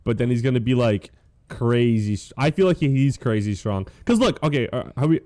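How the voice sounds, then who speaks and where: A man's voice: mid-range voice, expressive, brisk, darkish tone. A man co-hosting a podcast, chatting casually and insistently, repeating himself. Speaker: podcast co-host. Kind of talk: casual chat.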